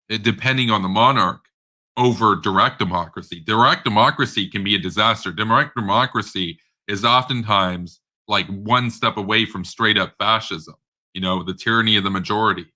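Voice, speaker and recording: Male commentator with a low, piercingly bright voice; blunt, sarcastic, stumbling off-the-cuff rant. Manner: rambling, with frequent fillers and stammered repeats. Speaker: political commentator. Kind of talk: casual unscripted political rant.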